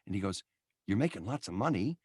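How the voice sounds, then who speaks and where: A middle-aged man co-hosting a casual chat, an animated storyteller who acts out the people he quotes. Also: fairly low pitch, fast talker, breathy edge, no echo, clean studio sound. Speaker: podcast co-host, voiceover coach.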